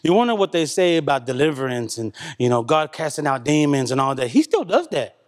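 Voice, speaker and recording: A man's voice: a little high, very animated, fairly quick. A man telling his congregation about a personal spiritual experience in an earnest, conversational way, often repeating himself and tossing in "man". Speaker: church member giving testimony. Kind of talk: emotional spoken testimony to a congregation. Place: church service.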